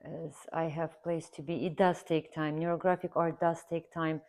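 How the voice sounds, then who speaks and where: Low-voiced woman chatting while she draws. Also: level tone, moderate pace, darkish tone. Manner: rambling, earnest, repeats herself for emphasis. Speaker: art instructor. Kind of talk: casual chatty tutorial while drawing.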